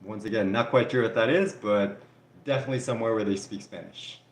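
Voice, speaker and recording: In an echoey room, a Canadian man with a French Canadian accent talks a little fast in a lowish voice. He is hosting a livestream, answering viewer questions and reading their comments in loose chat peppered with "like" and "you know."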